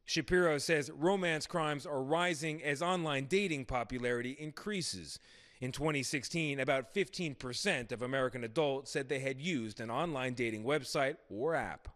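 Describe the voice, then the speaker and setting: Measured male news narrator. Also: medium pitch, fairly bright tone. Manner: measured, serious. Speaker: news reporter.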